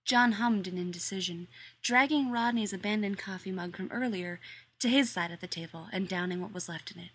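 A woman narrating a story in an audiobook reading, with even, measured storytelling. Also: mid-range voice, slightly rough.

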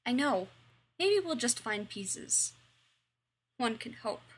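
A woman reading the lines of a wisecracking teenage high school boy. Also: big pitch swings, takes it slowly, full character voice. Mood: joking.

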